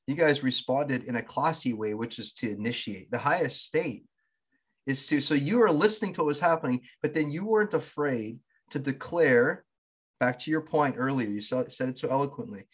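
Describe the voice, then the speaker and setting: A man's voice: mid-range voice, husky. A man hosting a podcast who reflects philosophically on what his guest has said and affirms him. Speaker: podcast host. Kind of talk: interview conversation.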